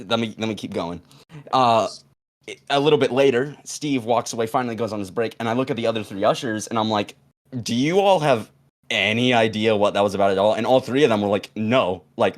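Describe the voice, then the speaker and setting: A young man casually telling a long story on a podcast, rambling with fillers and restarts and acting out the quoted lines. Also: lowish voice. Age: young adult.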